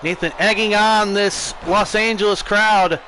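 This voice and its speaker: An American man streaming a wrestling video game, giving excitable play-by-play commentary. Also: high voice, a little slow, a little hiss or hum, poor audio. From United States.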